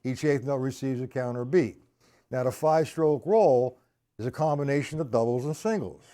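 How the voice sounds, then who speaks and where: A man's voice: medium pitch, moderate pace, mellow. A man teaching drum rudiments on a live stream, counting beats aloud and chatting with viewers in the chat.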